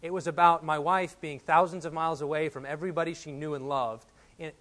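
Higher-voiced man preaching a sermon. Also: fairly even intonation, brisk, a bit bright. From Texas. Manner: storytelling, builds to emphatic urgency. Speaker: pastor.

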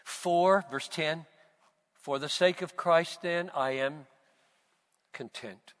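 A man preaching a sermon, slow and emphatic, building to loud, fervent repetitions. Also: fairly high pitch. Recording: long reverb of a large hall.

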